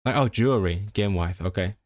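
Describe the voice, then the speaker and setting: A man's voice: on the low side, brisk, a little mellow, dry recording, clean studio sound. A young man learning Welsh, reading sentences aloud, repeating and correcting himself as he thinks aloud on a casual stream. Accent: non-native Welsh learner. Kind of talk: casual livestream study session.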